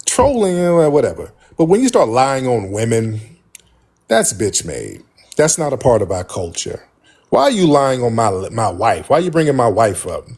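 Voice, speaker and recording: A man's voice: mid-range voice, huge pitch swings, normal speed, a little mellow, slightly rough. A man hosting a livestream call-in debate, combative and repeating pointed questions at a caller. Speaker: livestream host.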